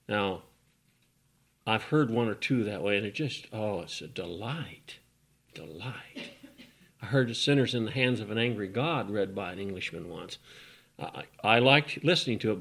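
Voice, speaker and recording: A man preaching a sermon who reads scripture aloud and swings from loud, emphatic lines to hushed whispers. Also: medium pitch, breathy edge. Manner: slow, drawn-out delivery with scripture readings.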